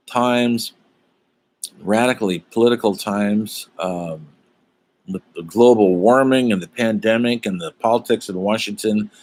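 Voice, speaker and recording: A middle-aged man teaching an online college humanities class in a loose, chatty way, with lots of fillers and side stories. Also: medium pitch. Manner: rambling, chatty, many fillers and asides. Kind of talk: casual online lecture.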